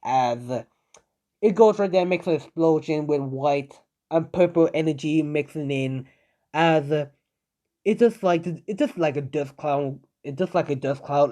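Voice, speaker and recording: A young man improvising a fan story out loud, rambling, with many fillers and self-corrections. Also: on the high side, unhurried. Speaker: fan-fiction narrator.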